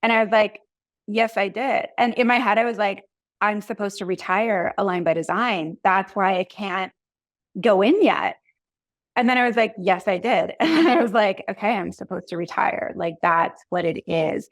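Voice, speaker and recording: A woman's voice: mid-range voice, moderate pace, dry recording. A woman in her thirties talks through her story in an easy, chatty flow, often leaning on "like." Her voice sits in a middle range and is recorded close and dry, with no room sound. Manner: chatty, animated storytelling with many "like"s. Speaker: podcast guest, human design coach. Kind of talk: casual conversational interview.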